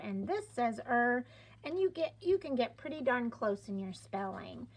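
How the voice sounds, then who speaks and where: A middle-aged woman teaching phonics at a very unhurried pace, sounding out each letter with care. Her voice sits a little high, with a gravelly, slightly husky edge. She speaks in a patient, encouraging teacher manner. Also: big pitch swings. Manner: sounds out letters and stretches words clearly, encouraging. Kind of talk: slow, deliberate classroom instruction.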